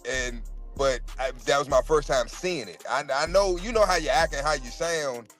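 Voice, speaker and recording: An emphatic, animated man holding forth in a casual podcast chat, his voice rising as he drives home a point. He speaks a bit high for a man, with faint music in the background. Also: moderate pace. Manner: animated, emphatic, profane storytelling.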